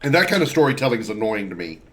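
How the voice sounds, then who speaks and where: A man's voice: fairly low pitch, very animated, very fast, a bit bright. A man streaming a game, giving casual, rambling and critical commentary.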